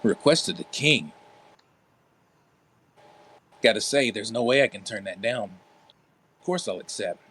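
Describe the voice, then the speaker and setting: A man's voice: lowish voice, animated, normal speed, fairly bright tone, breathy edge. A man voicing a cocky young male red panda monk knight who is smart-mouthed and defiant. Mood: eager.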